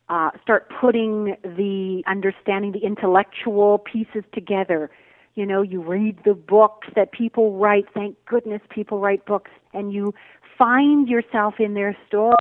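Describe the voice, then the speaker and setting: A woman meditation teacher talks in a thoughtful, searching way, pausing often to find her words. Her voice comes over a tinny, narrow, phone-like line that sounds dry and close. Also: medium pitch, no echo. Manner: thoughtful, searching, with many "um" and "uh" pauses. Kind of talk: reflective spiritual interview talk. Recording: phone-like remote call audio.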